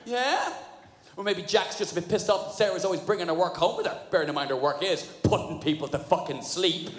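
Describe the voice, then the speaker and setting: A man doing a stand-up comedy set, sweary and animated, laughing at his own jokes. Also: sits high, a little fast. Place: live comedy venue. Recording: live venue, roomy hall echo, crowd noise.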